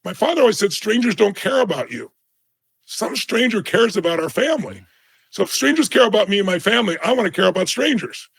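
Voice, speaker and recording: A middle-aged man with a gravelly, fry-laden voice that sits a bit high for a man. He tells his story with emphasis and drama and acts out the quoted people. It is a guest's storytelling in an interview. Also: lively intonation, fast, fairly bright tone.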